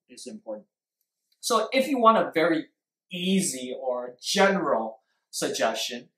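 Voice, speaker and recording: A man's voice: medium pitch, a bit bright, roomy sound, low-quality recording. A man teaching a live-stream lesson, repeating his points and quizzing viewers with questions. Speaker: English speaking teacher.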